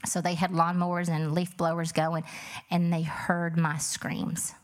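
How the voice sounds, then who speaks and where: Earnest lower-voiced woman telling her story. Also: level tone, measured pace. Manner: earnest, plain-spoken, with many fillers. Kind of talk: emotional personal testimony.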